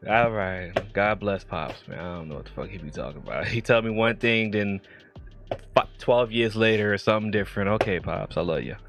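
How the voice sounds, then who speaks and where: A man's voice: fairly low pitch, fairly quick, over music. A man hosting a casual late-night livestream, talking in a laid-back, slangy way and laughing often. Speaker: livestream host.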